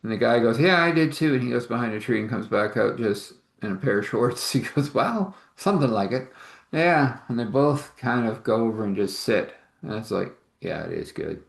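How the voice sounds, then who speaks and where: A man telling an improvised story in a rambling, halting way, acting out the dialogue in shifting voices. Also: mid-range voice, gravelly, roomy sound.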